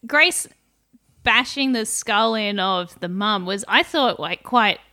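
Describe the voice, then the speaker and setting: A woman co-hosting a casual comedy podcast, chatty and quick to laugh. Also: medium pitch, expressive, pushed and bright. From Australia. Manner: chatty, laughs often, uses slang. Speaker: podcast co-host.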